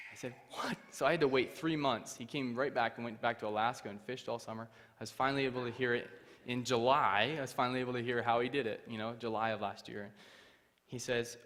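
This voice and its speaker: A man's voice: medium pitch, a bit bright, long reverb tail. A young man giving his testimony from a church stage. He tells the story with animation and acts out the other people's voices. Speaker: guest speaker. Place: church hall.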